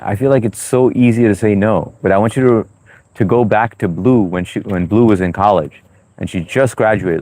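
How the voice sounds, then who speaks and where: A man hosts a livestream in a loose, chatty way, reading viewer comments aloud with plenty of "uh" and "you know." His voice is low and a little mellow, with no room sound.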